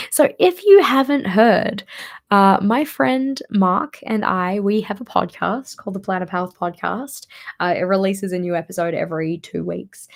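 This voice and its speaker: Hoarse, gravelly-voiced woman vlogger. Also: mid-range voice. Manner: chatty, rambling with many fillers. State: tired, hoarse voice. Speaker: planner vlogger. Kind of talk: casual show-and-tell chat.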